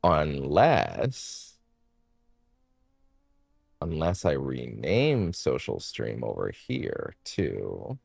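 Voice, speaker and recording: A man's voice: a bass voice, huge pitch swings, extremely slow, creaky, pauses often, darkish tone, husky, dry recording. A man streaming a game, rambling to himself as he fiddles with settings and corrects himself, on a studio microphone. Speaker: let's play streamer. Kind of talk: casual gameplay commentary.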